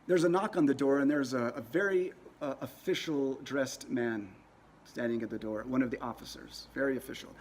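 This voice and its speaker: A man's voice: medium pitch, fairly quick, a little mellow, slight background noise. A man teaching a lesson in a casual, conversational way, often repeating words as he tells a story. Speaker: religious teacher.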